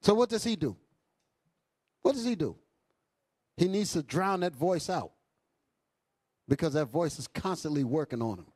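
Impassioned preacher, fiery sermon delivery. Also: male voice, expressive, moderate pace, long pauses, a little mellow, husky, no echo. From New York. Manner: impassioned, swings between high bursts and low asides; calls out to the congregation. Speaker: bishop and preacher. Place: church hall.

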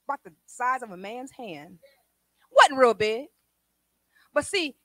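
High, lively woman a sermon. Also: dry recording. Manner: testifying, swings from quiet to shouted praise. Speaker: preacher.

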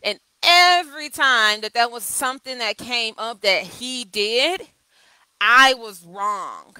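A woman coach speaks live to her viewers in a high, bright, sharp-edged voice. She tells candid stories and repeats her key phrases for emphasis. The sound is dry and close, with no room echo. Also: animated, slow, clean tone. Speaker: communication coach. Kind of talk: live video talk.

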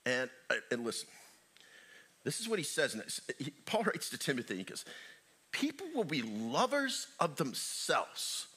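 A middle-aged man preaching in a church sanctuary, his voice pitched high and sharply bright. He jokes with the congregation and leaps between booming calls and hushed asides. His delivery is wildly expressive, rising and falling all through. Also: measured pace, husky. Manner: animated, joking preacher with big swings in loudness. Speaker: pastor. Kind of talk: sermon.

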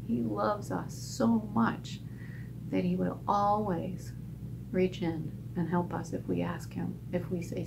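A woman teaching a children's Bible lesson at a church, telling the story in an animated voice and acting out the characters' lines. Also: slow, vocal fry, background noise. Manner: animated, acts out characters' lines with big pitch jumps.

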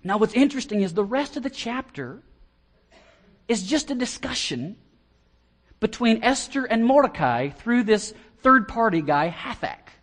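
An American man preaching an expository sermon as pastor, animated and often repeating words as he starts a phrase. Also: high-pitched, a little slow. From United States.

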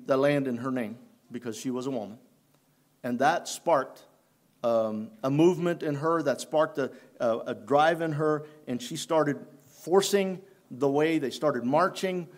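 A man preaching a sermon in church, unhurried and halting, often restarting his phrases. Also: a little high. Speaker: pastor.

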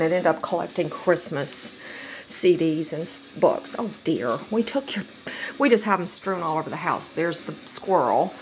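A woman's voice: fairly low pitch, slight background noise. A middle-aged woman, a dog breeder chatting casually through a home video and talking baby talk to her dogs. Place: house, indoors.

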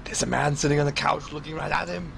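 A man chatting casually while playing a game, animated and laughing. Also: a little high, fast talker, gravelly, a little hiss or hum. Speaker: game player. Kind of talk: casual gaming chat.

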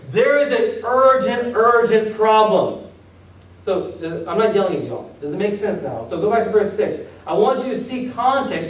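A man's voice: high voice, slight background noise. A man preaching a sermon as pastor, talking conversationally with acted-out asides and questions to the congregation. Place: church hall. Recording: echoey hall, distant mic.

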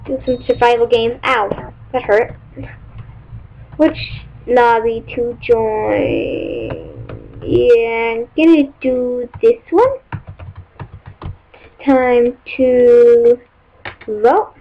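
High-pitched excitable woman gamer. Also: drawn-out words, vocal fry, long pauses. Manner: excitable, squeals and whoops when thrilled; rambling, many fillers. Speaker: gaming channel host. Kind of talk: casual game commentary. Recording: dull lo-fi mic with faint hiss.

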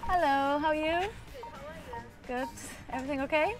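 A high, twittering posh English lady, put on by a woman from Denmark, laying the pleases and thank-yous on thick. Music plays under the clip audio. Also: normal speed, close to an everyday voice. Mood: over-polite. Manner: exaggerated polite posh put-on accent, giggling. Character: posh English woman ordering at a drive-thru.

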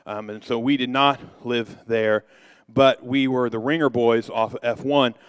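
Male pastor, middle-aged, storytelling sermon, humorous and rambling, smooth clear voice, dry close sound. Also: mid-range voice, fairly even intonation, unhurried, dry recording. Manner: humorous, anecdotal, loose with fillers.

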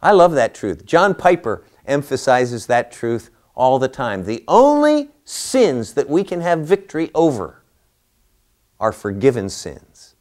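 A man's voice: mid-range voice, very animated, measured pace, a little mellow. A man teaching a Bible class, lecturing through a passage and posing rhetorical questions to his listeners.

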